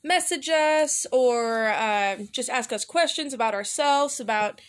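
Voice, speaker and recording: A young woman co-hosting a casual faith podcast, playful and giggly, with quick asides. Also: high-pitched. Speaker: podcast co-host.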